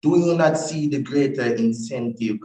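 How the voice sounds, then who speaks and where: A teenage boy giving a debate speech in a hesitant, halting way. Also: medium pitch, dark tone. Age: teens. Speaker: debate speaker. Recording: distant mic in echoey room.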